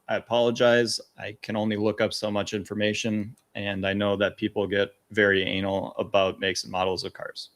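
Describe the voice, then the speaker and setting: Man, low voice, casual podcast co-host talking through a movie loosely. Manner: relaxed recapping with frequent fillers. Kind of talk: casual film discussion podcast.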